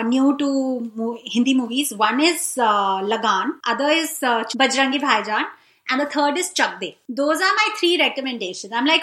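A woman with a high, bright voice chats casually about films as a podcast co-host, talking animatedly and acting out lines. Her voice bounces around an echoey room. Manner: animated, acts out lines with laughs.

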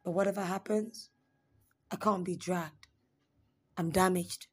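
A young woman performing spoken word poetry, dramatic, swinging between raised pleading lines and hushed whispers. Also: on the low side, steady tone, a little slow, slightly rough.

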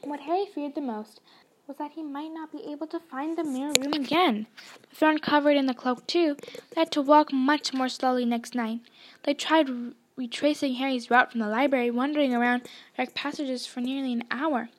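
Woman narrator, high voice, expressive audiobook-style storytelling. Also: normal speed. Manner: expressive storytelling, voicing dialogue. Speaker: reader. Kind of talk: reading a novel aloud.

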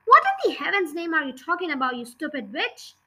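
A woman voicing a hot-tempered husband in a storybook reading, with loud, indignant outbursts. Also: extremely high pitch, animated, normal speed, exaggerated voice. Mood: angry. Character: blustering hot-tempered man, shouting in panic.

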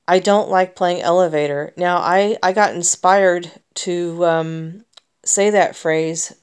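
American woman with a smooth, resonant voice. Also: fairly low pitch, a little mellow. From United States. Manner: emotional and rambling, many restarts. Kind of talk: personal vlog monologue.

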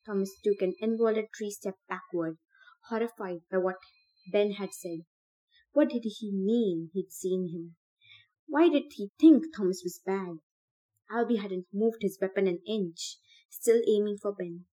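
A woman reading a novel aloud in an expressive storytelling manner. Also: medium pitch, a little slow. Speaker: audiobook reader. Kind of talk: dramatic book reading.

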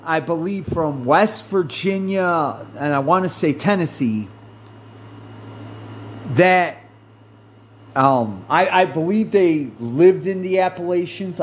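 Man, podcast host, higher-pitched, very slow, rambling, self-correcting, faint air conditioning hum. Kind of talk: casual monologue.

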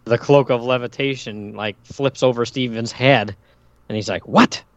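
A man's voice: mid-range voice, steady tone, normal speed, no room sound, muffled recording. A man co-hosting a casual podcast, laid-back and amused as he recounts a comic scene. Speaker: podcast co-host. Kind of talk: casual comic-book discussion.

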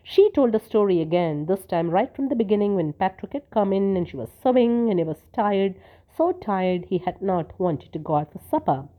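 A woman's voice: medium pitch, very animated, normal speed. Woman reading a story, tinny sound. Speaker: narrator. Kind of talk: reading a short story aloud.

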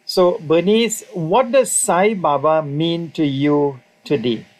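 A man hosting an interview, thanking his guest in a gently appreciative way and asking questions. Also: fairly high pitch, takes it slowly, low-quality recording. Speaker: interview host.

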